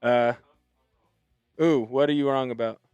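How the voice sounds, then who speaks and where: A man's voice: mid-range voice, steady tone, a little slow, darkish tone, smooth, no room sound, muffled recording, faint music behind. A man hosting a live sports stream, greeting chat viewers in an upbeat, chatty way. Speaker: host.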